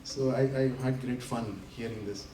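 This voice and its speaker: A man's voice: mid-range voice, moderate pace, a little hiss or hum. A man giving a talk to an audience at a community center, telling anecdotes and laughing often as he acts out the quotes. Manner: animated, laughing often while acting out quotes. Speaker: invited speaker. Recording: roomy hall from a distance, faint ambience.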